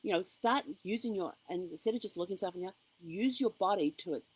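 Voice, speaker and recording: A woman's voice: mid-range voice, fast talker, slightly rough, poor audio. A woman giving an upbeat, encouraging motivational vlog to camera, with frequent ums. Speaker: motivational vlogger. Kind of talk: casual motivational talk to camera.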